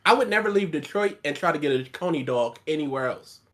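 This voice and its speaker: A man's voice: on the high side, lively intonation, fast, fairly bright tone. A man co-hosting a casual podcast chat, teasing his friend with jokes. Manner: teasing, joking banter. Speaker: podcast co-host.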